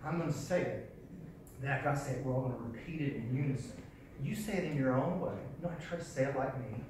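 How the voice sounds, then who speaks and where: A man teaching a live sales seminar in a folksy, animated way, repeating his key phrases. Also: medium pitch, quick pace, noisy background. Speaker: sales trainer. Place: large echoey hall. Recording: echoey hall, voice from far off.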